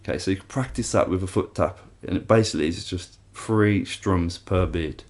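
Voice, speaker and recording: A man's voice: low-pitched, moderate pace. A man teaching a guitar lesson, explaining each step and counting strums aloud. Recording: loud guitar playing behind.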